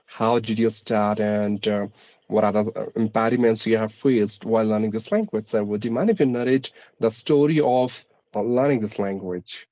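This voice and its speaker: A man's voice: lowish voice, moderate pace, dark tone, dry recording. A man with an Indian English accent, an English teacher interviewing a guest in a formal, polite way, with frequent filler sounds. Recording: dull lo-fi call audio, dry.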